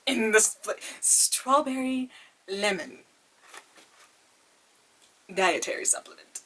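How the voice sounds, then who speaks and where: A young woman talks through a beauty unboxing in a bright voice that swings high and low. She gasps and gushes as she goes and keeps calling her viewers "y'all". Her pitch sits a little above the usual for a woman. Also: expressive, slow pace. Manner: gushing, gasping, says "y'all" a lot. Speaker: beauty vlogger. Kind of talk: excited unboxing chat.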